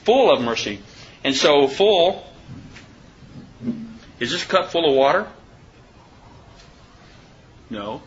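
A man giving an informal Bible study sermon, reading scripture slowly and deliberately and asking his listeners questions. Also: a little high, big pitch swings, lo-fi sound. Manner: conversational, asks the listeners questions. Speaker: preacher.

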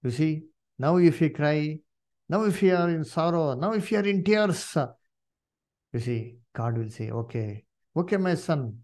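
Man preaching with lively, swinging emphasis. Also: fairly high pitch, a little slow. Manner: swings between loud emphatic exhortation and hushed pleading; asks the congregation questions and calls on members to read. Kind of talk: sermon.

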